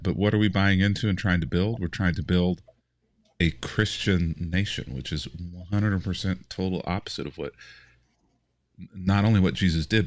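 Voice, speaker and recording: A man co-hosting a casual faith podcast, animated and stammering through restarts. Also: sits low, no echo. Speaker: podcast co-host.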